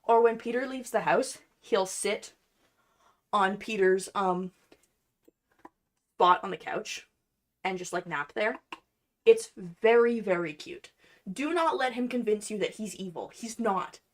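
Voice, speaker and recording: A woman's voice: medium pitch, a little slow, long pauses. A young woman chatting casually on a livestream while she crafts at home, playful and self-deprecating. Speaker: cosplay streamer.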